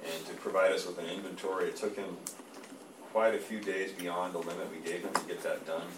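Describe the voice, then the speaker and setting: A man, an engineer, giving a measured report in a meeting, with plenty of fillers. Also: deep voice, steady tone. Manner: plain, measured, halting with fillers. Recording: echoey room, distant mic, noisy.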